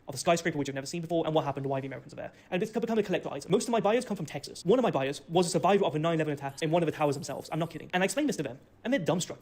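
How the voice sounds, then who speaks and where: Male storyteller, quick, slightly high, cocky and ranty. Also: a little mellow. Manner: rapid, boastful, ranting delivery. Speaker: storyteller in a played video. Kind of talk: fast first-person storytelling.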